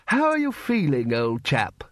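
A man's voice: huge pitch swings, unhurried, fairly bright tone, dry recording, studio quality. A man voicing a blustering, commanding elderly wizard head in an audiobook reading. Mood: brusque. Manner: booming, brusque, commanding. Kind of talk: audiobook character voice.

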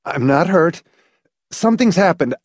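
Man playing a tense, snappish trapped husband in a storybook audiobook, voice pushed a little high. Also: lively intonation, unhurried, breathy edge, no echo, clean studio sound. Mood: desperate, tense. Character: trapped desperate husband, strained.

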